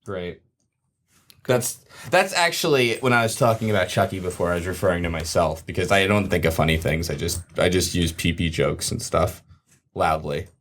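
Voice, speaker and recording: A man's voice: sits low, normal speed. A man from New Jersey co-hosting a casual comedy podcast, joking and laughing a lot. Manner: lively, jokey, laughs a lot. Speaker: podcast co-host.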